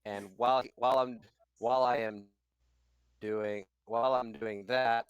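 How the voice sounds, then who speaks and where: A man playing a tabletop role-playing game, playful and quick to slip into character voices. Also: steady tone, smooth, muffled recording. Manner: playful, breaks into shrill yelled character voices. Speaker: player.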